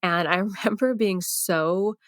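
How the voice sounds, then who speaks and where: A woman hosting a podcast interview, warm and enthusiastic, laughing easily as she talks. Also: mid-range voice, a little slow, no echo, clean studio sound. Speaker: podcast host.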